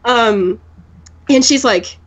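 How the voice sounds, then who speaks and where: A young woman, a podcast guest, telling an animated story and mimicking the people in it. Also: a little high, slow, highs cut off. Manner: animated, mimics voices in anecdotes. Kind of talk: casual storytelling.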